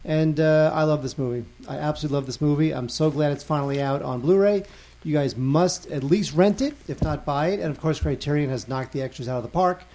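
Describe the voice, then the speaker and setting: A man's voice: fairly high pitch, fairly quick, warm tone. A man co-hosting a film podcast, chatting casually and teasing his co-host. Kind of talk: casual chat about films.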